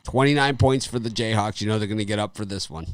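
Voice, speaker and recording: A man's voice: on the low side, quick pace, dry recording. A middle-aged man hosting a sports betting chat, telling rambling stories, laughing often and repeating phrases. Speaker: sports betting show host. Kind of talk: casual chat.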